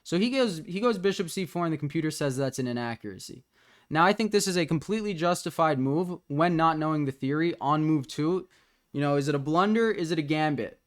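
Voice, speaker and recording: A man's voice: on the high side, fairly bright tone. A man as a chess coach, casually talking through the moves of a student's game as he reviews it.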